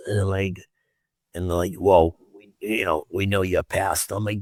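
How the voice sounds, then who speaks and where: A man with a low voice recounts a story in loose, casual talk, tripping over his words and restarting often. He acts out what each person said and swears freely. The sound is dry and close. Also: moderate pace, no echo. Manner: rambling, stammers and repeats, acts out quoted dialogue with frequent swearing. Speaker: podcast guest.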